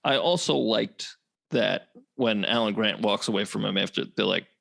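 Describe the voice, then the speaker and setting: A man's voice: lowish voice, normal speed, vocal fry, a bit bright. A man co-hosting a podcast, chatting casually about a film in a laid-back way, swearing freely. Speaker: podcast co-host. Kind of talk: casual chat about a movie.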